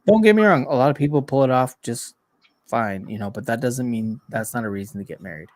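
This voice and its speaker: A man's voice: medium pitch, animated, brisk, no room sound. A man in his thirties co-hosting a podcast, talking in a blunt, profane, rambling way in casual chat. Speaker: podcast co-host.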